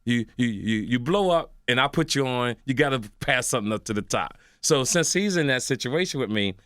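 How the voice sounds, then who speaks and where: Older man, lively storyteller. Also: mid-range voice, fairly quick, no room sound, clean studio sound. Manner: excitable storyteller, acts out other voices, laughs while talking. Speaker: guest comedian. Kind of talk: animated radio interview storytelling. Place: radio studio.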